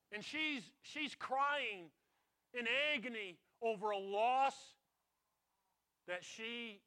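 A man preaching a sermon as a pastor, retelling a story with dramatic swings from loud to hushed. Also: high-pitched.

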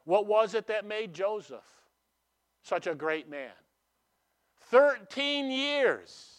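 A man preaching a sermon in a conversational way, asking rhetorical questions and swinging between emphatic and hushed delivery. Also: high voice, expressive, measured pace.

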